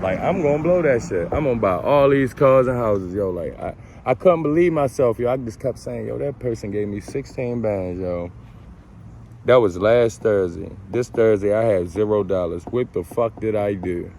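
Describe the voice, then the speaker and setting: A man's voice: lowish voice, normal speed, darkish tone, a little hiss or hum. A man telling a casual story about his own life, slangy and profane, acting out his own reactions. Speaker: storyteller vlogger.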